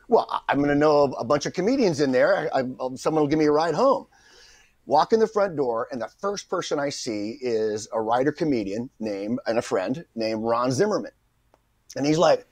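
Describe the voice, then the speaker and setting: Telling an anecdote fairly quickly, this middle-aged actor guest acts out the voices of the people in his story with lively energy. His voice is fairly high, and the recording has no room sound.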